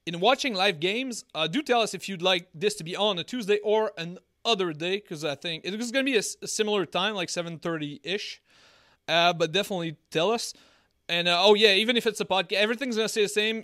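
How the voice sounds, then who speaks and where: Male co-host with a French accent, high and bright, loose rambling banter, dry close mic. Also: no room sound. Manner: rambling, joking, many fillers and restarts. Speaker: podcast co-host. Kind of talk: casual chat.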